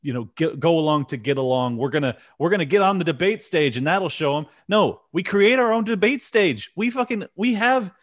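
A man's voice: fairly high pitch, brisk, hardly any pauses. A man hosting a podcast, talking in a passionate, profane rant. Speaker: podcast host. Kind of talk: casual political podcast chat.

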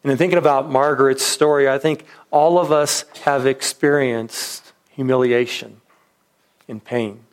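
A man's voice: medium pitch, fairly even intonation, unhurried, clear, resonant tone. A man preaching a sermon, telling a story in a reflective way with frequent restarts. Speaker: pastor.

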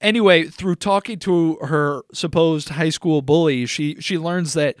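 A man's voice: a little high, measured pace, no echo, studio quality. A young man co-hosting a podcast, telling a rambling story in a joking, casual way. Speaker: podcast co-host. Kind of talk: casual chat.

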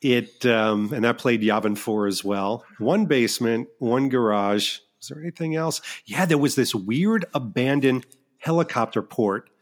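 A middle-aged man, a filmmaker guest in a casual interview, telling stories in an animated, self-deprecating way with many restarts. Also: mid-range voice, unhurried.

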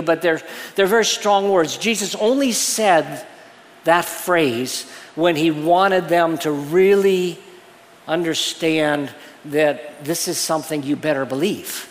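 A man's voice: on the high side, a little slow. A man preaching a sermon as pastor, earnest and explanatory, often restarting his phrases. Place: church sanctuary. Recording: long reverb of a church hall.

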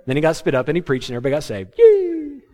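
A man preaching a sermon to his congregation, animated and humorous, acting out the words of biblical figures. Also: medium pitch, racing. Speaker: pastor.

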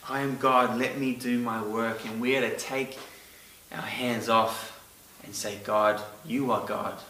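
Male preacher, bright and emphatic, picked up from a distance in an echoey hall. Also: mid-range voice, fairly even intonation, a little slow, slight background noise. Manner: earnest, emphatic on key words. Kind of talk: sermon.

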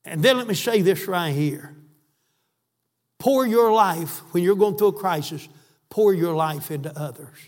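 A man's voice: high voice, measured pace. A man preaching a sermon, fervent and emphatic, repeating phrases for stress. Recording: echoey hall.

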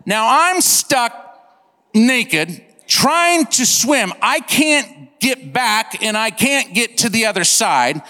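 A man preaching a sermon, telling a funny story in an animated, comic way and acting out sound effects. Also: very high voice, slow, long reverb tail. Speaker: pastor. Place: church.

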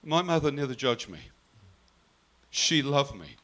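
A man's voice: medium pitch, sing-song, measured pace, fairly bright tone. A man telling a personal faith story earnestly, often quoting his mother's words. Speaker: guest telling his testimony.

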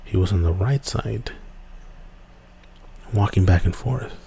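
Low gravelly guy rambling through a story, lots of you knows and restarts, kinda dark mellow tone. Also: slow pace, a little hiss or hum. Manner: rambling, many fillers and restarts. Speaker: podcast host. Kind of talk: casual storytelling.

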